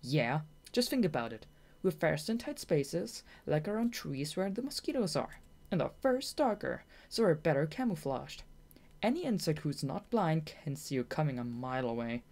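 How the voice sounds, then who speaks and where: A woman's voice: deep voice, big pitch swings, darkish tone. A woman reading an audiobook, voicing a young male bat who is a hot-tempered, boastful runt. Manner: eager, boastful, quick to take offense.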